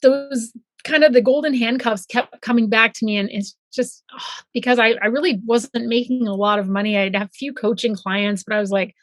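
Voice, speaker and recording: A middle-aged woman, a former pathologist, telling her story as a guest and lively acting out her own past thoughts. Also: a little high, brisk, dry recording. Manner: animated, acts out her own past thoughts in quoted voices. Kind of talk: casual interview storytelling.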